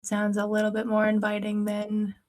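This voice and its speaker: A woman's voice: medium pitch, monotone, normal speed, darkish tone. A woman voice actor chatting casually on a recording stream, blunt and swearing, working through a headache. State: has a headache.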